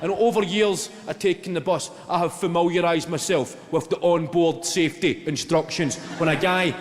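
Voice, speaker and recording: A somewhat high-voiced Scottish comic from Glasgow performs stand-up at normal speed, cursing liberally as his stories climb toward shouted payoffs. The theatre audience laughs along. Long hall reverb and loud ambience mark the recording.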